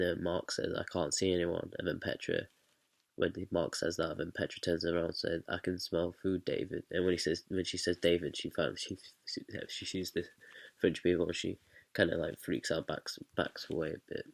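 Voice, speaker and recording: A man's voice: low-pitched, vocal fry, husky, dry recording. A young man casually explaining how he directed a stage scene, hesitant, with many fillers and restarts. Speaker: student director.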